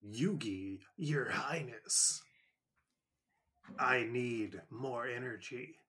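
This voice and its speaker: A man's voice: medium pitch, drawn-out words, pushed and bright. A man voicing a pushy mobile-game ad figure who pleads with a hero in a hammy, wheedling parody. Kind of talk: comedic podcast bit.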